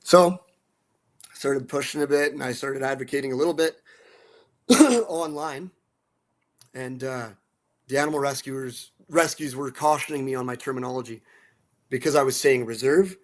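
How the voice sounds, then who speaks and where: A man from central Alberta talking casually as a guest, animated and blunt, swearing now and then, restarting and repeating words. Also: mid-range voice, moderate pace, pauses often. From central Alberta, Canada. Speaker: guest, musician and dog rescue advocate. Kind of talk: casual storytelling.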